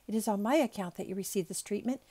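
An earnest young lady speaks in a soft, sincere way, as a woman reading a storybook voices her. She sounds close to the reader's own voice. It is a homemade audiobook reading. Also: mid-range voice, fast talker, lightly acted. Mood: pleading.

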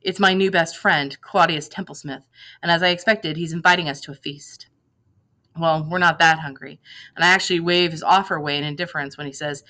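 A woman reading a novel aloud in lively first-person narration, acting out the dialogue. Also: low-pitched, brisk, rough recording. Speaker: reader.

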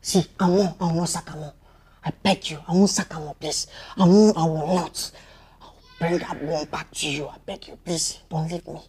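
A man's voice: fairly high pitch, steady tone, normal speed, crowd noise, close to an everyday voice. A man with a Nigerian accent playing a besotted husband who stammers, pleads and dotes on his wife in a Nollywood movie. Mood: begging. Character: besotted hen-pecked husband, soft and begging. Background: background music.

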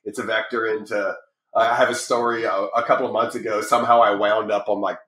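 A man's voice: on the low side, a little fast, echoey room. A middle-aged man guesting on a podcast, talking casually and rambling with lots of restarts and fillers. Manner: rambling, lots of restarts and fillers, animated when telling stories. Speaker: podcast guest, publishing company founder. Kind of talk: casual interview talk.

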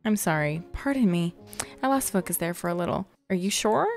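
A woman voicing a composed middle-aged female village mayor, reading game dialogue in a formal, measured way. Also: on the low side, animated, faint music behind.

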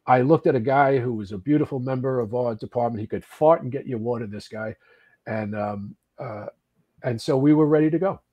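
A man in his early sixties from the United States, a podcast guest telling firefighting stories casually, animated and swearing, with frequent restarts. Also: medium pitch, a little fast, muffled recording. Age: 60s. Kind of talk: casual storytelling.

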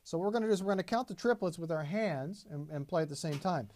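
A man's voice: on the high side, expressive, fast, a little mellow. A man teaching a drum lesson, patiently explaining and counting beats aloud as he plays. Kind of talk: instructional demonstration.

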